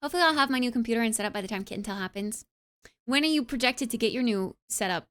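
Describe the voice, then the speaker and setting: A young woman streamer chats casually with her live audience, with a slightly higher voice than most. Her delivery is bubbly and animated, and "like" turns up often between her thoughts. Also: racing. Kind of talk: casual chat, reading and answering live chat.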